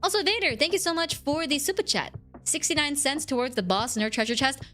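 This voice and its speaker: A woman's voice: high voice, animated, fairly quick, pushed and bright, faint music behind. A woman streamer chatting casually with her viewers, rambling and giggling as she answers chat.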